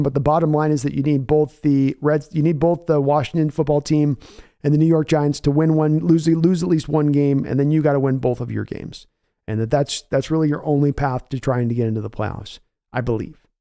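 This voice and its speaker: A man's voice: fairly high pitch, moderate pace, warm tone, no room sound, clean studio sound. A man hosting a live sports reaction stream, reading chat messages and rambling thoughtfully with many restarts. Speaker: livestream host.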